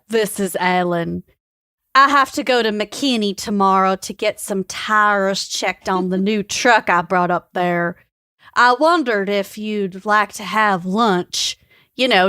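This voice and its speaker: A woman reading the part of an earnest married man in a flat, hesitant way, in a comic cold read. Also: medium pitch, slow, clean tone, dry recording, clean studio sound. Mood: plain.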